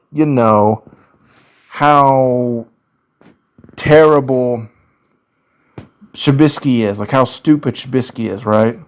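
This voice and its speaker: A man with a Southern US accent speaks at a mid pitch in a slow, drawn-out way. He rants casually through viewer questions and leans on fillers as he goes. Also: a little mellow. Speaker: YouTuber answering viewer questions. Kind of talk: casual ranting commentary.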